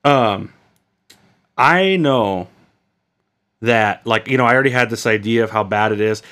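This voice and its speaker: Podcast co-host, young man, rambling and profane, bright edgy tone. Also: mid-range voice, unhurried, clean tone. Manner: rambling, swears a lot, many fillers. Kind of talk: casual crude banter.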